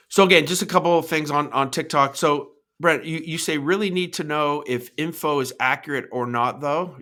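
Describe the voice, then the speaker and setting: A man's voice: on the high side, normal speed, hardly any pauses, pushed and bright. A middle-aged man hosting a podcast, talking through his ideas off the cuff, often restarting his words and tagging points with "right?" as he answers live comments. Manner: thinking aloud, repeats words, tags points with "right?". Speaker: podcast host.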